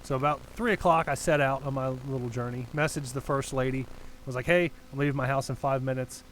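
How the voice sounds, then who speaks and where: A young man spins a rambling, profane story for his podcast co-hosts, and his voice sits at an ordinary middle pitch. A faint hiss of background noise runs under the recording. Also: fairly even intonation, a little fast, a bit bright, low-quality recording. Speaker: podcast co-host. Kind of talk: casual storytelling chat.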